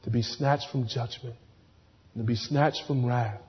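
A man preaching a sermon with fervent, swelling delivery that drops to hushed pleading and prayer. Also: mid-range voice, fairly even intonation, unhurried. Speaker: pastor. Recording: dull sound with long hall reverb.

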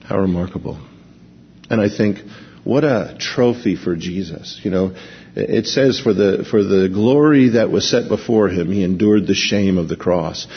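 A man preaching a sermon, reading scripture slowly and then explaining it in a conversational way. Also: low voice, in a large hall, highs cut off.

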